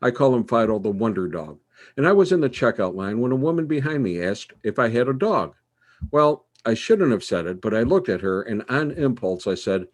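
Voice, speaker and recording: A man's voice: medium pitch, fairly quick. A man hosting his own show and telling jokes in a playful storytelling way. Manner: animated, playful delivery.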